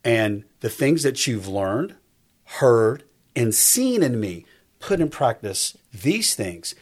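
A man's voice: mid-range voice, very animated, takes it slowly. A man in his fifties, a guest in a faith-based conversation, who talks emphatically in a preacherly rhythm and repeats his key lines. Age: 50s. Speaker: guest on a faith talk show.

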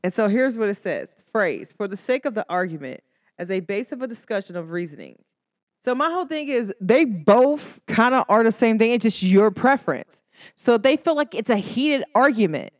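A woman's voice: fairly high pitch, very animated, normal speed, no room sound, clean studio sound. A woman hosting her own podcast, talking casually and emphatically straight to her listeners, full of slang and asides. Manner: emphatic and talkative, addresses listeners directly with slang. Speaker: podcast host. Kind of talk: casual solo podcast monologue.

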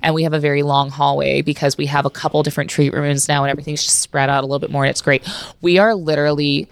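Low, gravelly-voiced woman chiropractor. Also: level tone, quick pace. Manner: candid, frank storytelling that acts out her own quoted exchanges. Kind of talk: casual interview talk.

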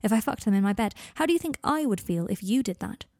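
Woman doing a frustrated young wizard, quick pointed speech, gravelly low tone, dry sound. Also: expressive, a little mellow, dry recording. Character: frustrated lovesick young man, Harry.

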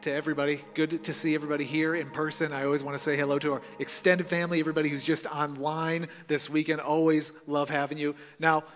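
A man in his thirties preaching a sermon in a church, telling self-deprecating stories in an animated way. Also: on the high side, fast, hardly any pauses, big-room sound, soft background music. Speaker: pastor. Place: church auditorium.

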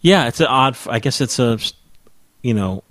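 A man's voice: medium pitch, lively intonation, normal speed, a bit bright, no echo. A male podcast host in casual chat, talking hesitantly and leading to the next letter.

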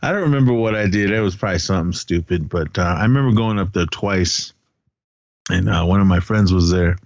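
A man's voice: deep voice, a little fast, no room sound, highs cut off. A man co-hosting a podcast, chatting casually about a movie and his school days, rambling and laughing often. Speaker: podcast co-host.

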